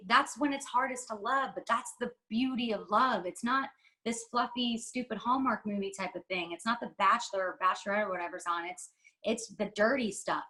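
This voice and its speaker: A woman's voice: on the high side, bright, forceful tone, rough recording. A woman from the United States, a podcast guest, talking candidly in an interview with a heartfelt, rambling and emphatic manner.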